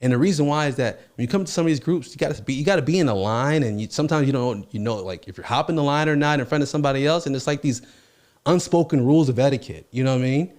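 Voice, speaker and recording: A man's voice: medium pitch, rapid-fire. A man hosting a podcast, telling stories casually and acting out the quotes in them. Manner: animated, acts out quotes in his stories. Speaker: podcast host. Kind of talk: casual storytelling.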